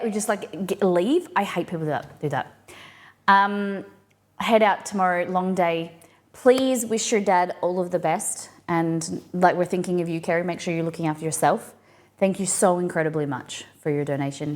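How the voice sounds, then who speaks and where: A woman with an Australian accent hosting a live stream, chatting casually and rambling with lots of restarts as she answers viewers. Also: on the low side. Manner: acts out quoted phrases in playful voices. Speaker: livestream host. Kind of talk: casual chat reading viewer comments.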